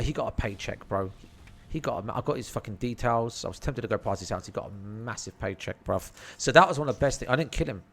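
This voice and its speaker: A man tells a story in a casual, rambling way. His voice sits a little low, and the talk is full of slang and swearing. It sounds like a loose, unscripted anecdote. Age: 30s.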